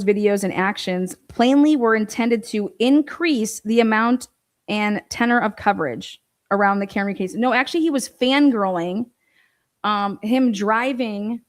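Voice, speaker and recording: A woman's voice: fairly high pitch, normal speed. A woman giving an indignant, sarcastic commentary with lots of profanity. She reads court filings aloud and then rebuts them. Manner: mocks others in quoted voices. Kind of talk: ranting commentary on a court case.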